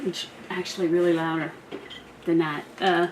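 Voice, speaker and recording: A woman's voice: mid-range voice, lively intonation, unhurried, recorded from a distance, very noisy. A woman in a casual craft vlog, chatting and laughing as she works at a table and tells a story. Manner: chatty, laughs often, talks while working. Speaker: crafter making a wreath.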